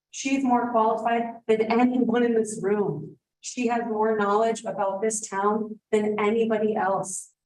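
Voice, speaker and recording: A woman speaking earnestly in defense of someone during public comment at a town meeting. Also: medium pitch. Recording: echoey room, distant mic.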